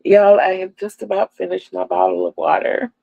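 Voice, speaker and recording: A woman's voice: mid-range voice, big pitch swings, normal speed, vocal fry, no room sound, dull audio. A woman in her sixties from Virginia, hosting her crochet channel in a homey, chatty livestream and calling her viewers "y'all". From Virginia, USA. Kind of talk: casual livestream chat.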